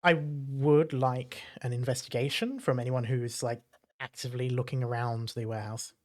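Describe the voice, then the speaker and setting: A man at a mid pitch narrates a tabletop game as its dungeon master. He fills his descriptions with small pauses and fillers and keeps an easy, unhurried pace. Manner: descriptive, relaxed, many fillers.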